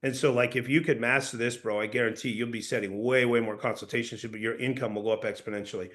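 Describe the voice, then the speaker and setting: A man coaching a sales team in a casual, energetic way, often calling people "dude" or "bro". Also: medium pitch, fast. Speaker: sales trainer.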